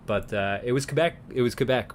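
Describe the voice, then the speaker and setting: A man's voice: mid-range voice, brisk, slight background noise. A man from Newfoundland with a light townie accent, hosting a livestream, chatting casually, laughing often and restarting his sentences. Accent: light St. John's Newfoundland. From Newfoundland, Canada. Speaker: livestream host. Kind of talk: casual chat reacting to viewers.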